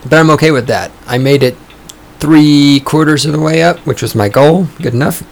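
A man hosting his own podcast, talking in a sarcastic, profane, ranting way, his voice starting to go hoarse. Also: a little high, moderate pace. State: voice going hoarse. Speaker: podcast host. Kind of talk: casual opinionated podcast monologue. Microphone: studio microphone.

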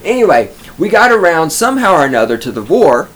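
A man's voice: fairly high pitch, sing-song, fast talker, a bit bright. Man from Texas, middle-aged, podcast host, scornful rant, heavy swearing. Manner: profane, scornful storytelling. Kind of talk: ranting monologue.

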